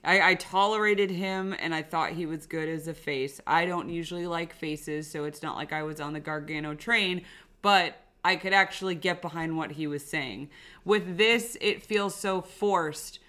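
Brief: young woman podcast co-host, lower-pitched and bright, forceful, emphatic and fed up. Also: normal speed. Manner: emphatic, exasperated ranting. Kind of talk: casual wrestling recap chat.

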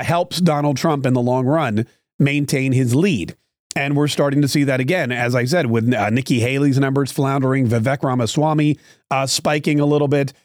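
A man's voice: mid-range voice, no echo, clean studio sound. Emphatic male political commentator. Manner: emphatic, repetitive, forceful. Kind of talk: opinionated political monologue.

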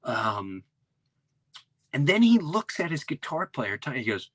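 A middle-aged man, hosting a podcast and telling an animated story, acting out quotes and dropping to hushed asides. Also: medium pitch, takes it slowly, no room sound. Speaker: podcast host.

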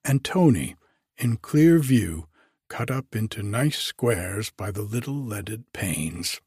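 A man reading a novel aloud as narrator, in a measured, expressive storytelling manner. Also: lowish voice, husky, no room sound, studio quality.

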